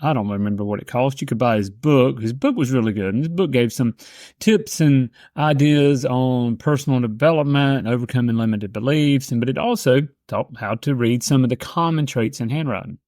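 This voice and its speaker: Middle-aged male sales coach, casual and animated storyteller, dry close sound. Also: medium pitch, normal speed, no room sound. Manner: animated, shifts into quoted voices.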